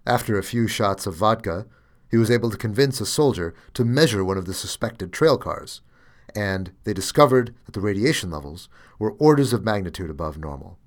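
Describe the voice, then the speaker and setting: A man's voice: on the low side, lively intonation, a little fast. A man hosting a podcast, reading a debugging story aloud and then musing with fillers and restarts. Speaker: podcast host.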